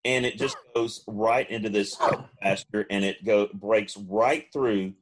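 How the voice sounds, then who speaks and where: A man, co-hosting a podcast and telling a long funny story, now and then mimicking friends in high voices. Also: steady tone, unhurried, a little hiss or hum. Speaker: podcast co-host. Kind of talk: casual storytelling.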